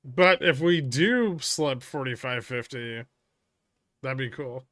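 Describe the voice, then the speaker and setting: A man's voice: mid-range voice, slow pace, fairly bright tone, no echo. A man hosting a casual live trading stream, answering chat with dry, wry banter. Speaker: livestream trading host.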